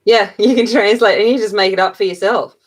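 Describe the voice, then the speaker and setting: A woman's voice: mid-range voice, fairly even intonation, brisk. A middle-aged woman with an Australian accent hosting a livestream, chatting casually and playfully with viewers and laughing often. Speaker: livestream host. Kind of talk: casual chat with viewers while colouring.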